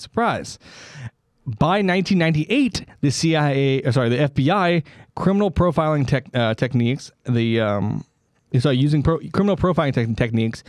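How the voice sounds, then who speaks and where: A man's voice: medium pitch, darkish tone, no room sound, studio quality. A man co-hosting a comedy podcast, reading out a story casually and stumbling over names with joking asides. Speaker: podcast co-host.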